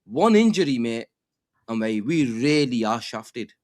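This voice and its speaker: A man on a football fan panel who talks in halting bursts, repeating words and swearing when riled. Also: medium pitch, very animated, a little mellow, no room sound, clean studio sound. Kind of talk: casual fan chat.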